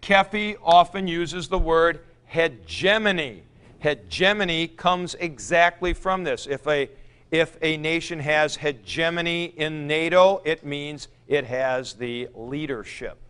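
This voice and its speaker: A man's voice: a little high, takes it slowly, fairly bright tone, clean tone. A man teaching a Greek grammar class, chanting noun forms aloud and taking questions from students in the room. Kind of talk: classroom lecture.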